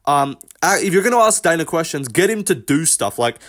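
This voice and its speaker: A man's voice: fairly high pitch, very animated, brisk, fairly bright tone. Blunt, profane man talking fights. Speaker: MMA commentary host. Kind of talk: casual reaction commentary.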